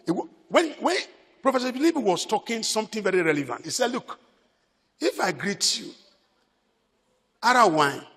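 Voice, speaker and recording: Nigerian pastor preaching loud and bright, bouncy pitch, long echo in the church hall. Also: male voice, vocal fry. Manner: emphatic preaching, repeats phrases, mixes in Pidgin. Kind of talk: sermon.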